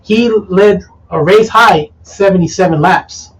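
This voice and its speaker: A man hosting a casual sports talk show, reading race results with halting fillers and teasing his co-host. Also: sits high, recorded from a distance, poor audio. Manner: teasing, reads lists with hesitant fillers.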